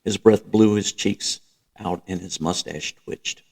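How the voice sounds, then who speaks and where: Deep, gravelly-voiced man narrating. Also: slow pace, darkish tone. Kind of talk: audiobook reading.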